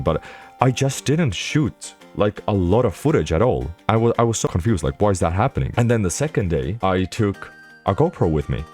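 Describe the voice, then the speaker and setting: A young man vlogging a casual recap, rambling and self-mocking with quick asides. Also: fairly low pitch, a little mellow.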